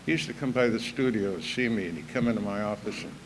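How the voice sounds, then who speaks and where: A man's voice: on the low side, quick pace. An older man gives a personal recovery talk in a plain, down-to-earth voice. His storytelling is folksy and earthy, with a "you know" here and there. He speaks to a meeting hall, with a faint room hum behind him. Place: evening recovery meeting hall, live audience.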